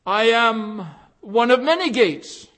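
A man's voice: very high-pitched, expressive, slow, a bit bright. A man preaching a sermon, emphatic and repeating key phrases with rising force.

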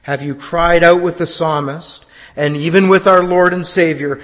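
A pastor preaching a sermon, swinging from loud declarations down to hushed, almost whispered lines. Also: male voice, a little high, fairly even intonation, normal speed, hardly any pauses, big-room sound.

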